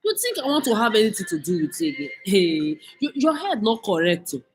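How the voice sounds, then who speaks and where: A woman's voice: medium pitch, sing-song, brisk, slight background noise, low-quality recording. Nigerian woman vlogger, furious scolding rant with a lot of swearing. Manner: cursing, scolding, mixes in Pidgin. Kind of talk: angry rant monologue.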